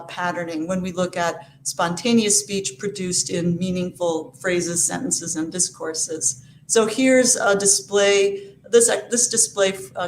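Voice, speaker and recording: A woman's voice: medium pitch, reverberant, a little hiss or hum. A woman giving an academic lecture, explaining steadily with frequent fillers and restarts. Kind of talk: academic talk.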